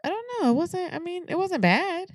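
A woman's voice: very high-pitched, lively intonation, no echo, studio quality. A woman co-hosting a podcast, talking frankly and with plenty of swearing, often restarting her sentences in casual chat. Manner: frank, profane, halting restarts. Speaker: podcast co-host.

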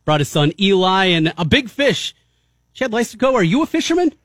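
A man's voice: high voice, sing-song, brisk, a bit bright, no echo. A man hosting a sports radio show, joking with his guests in the studio. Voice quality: nasal. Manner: upbeat, joking banter with guests.

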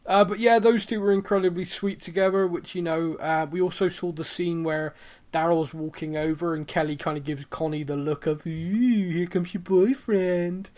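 Chatty man podcaster, slightly high voice. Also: little pitch movement, fairly quick, a little mellow. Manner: chatty, lots of ums, acts out quoted lines. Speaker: podcast co-host. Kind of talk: casual chat reviewing a TV episode.

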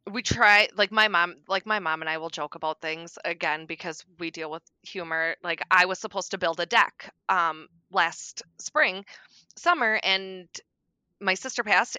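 Middle-aged woman guest, bright tone, dry close sound, candid with dark humor. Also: lowish voice, no room sound. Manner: frank, darkly joking, soft-spoken at times. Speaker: podcast guest. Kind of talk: candid conversation about grief.

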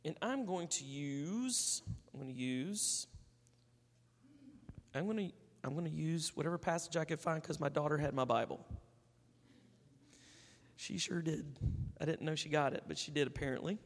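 Guy preaching casual, kinda high voice, acts out his stories, big echoey hall. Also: moderate pace, long pauses. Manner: conversational and animated, acting out stories. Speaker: pastor. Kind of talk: sermon.

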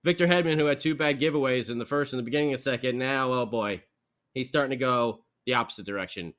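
A man hosting a podcast, recapping a hockey game in a rambling, animated way with lots of fillers and restarts. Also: mid-range voice, quick pace. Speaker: podcast host.

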